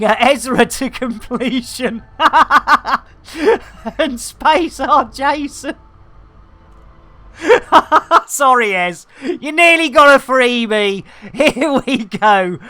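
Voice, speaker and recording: Lady streaming a game, jokey and excitable, bright voice, slow chatty pace. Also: medium pitch. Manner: jokey, excitable, lots of fillers and exclamations. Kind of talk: casual live-stream chat while playing.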